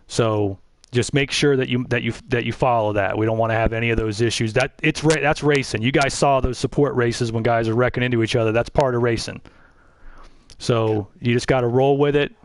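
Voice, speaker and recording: A man's voice: mid-range voice, fairly quick, no echo, poor audio. Rambling man giving a race briefing. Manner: relaxed, rambling with frequent restarts. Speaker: league race director. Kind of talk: pre-race drivers' briefing. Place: online voice chat.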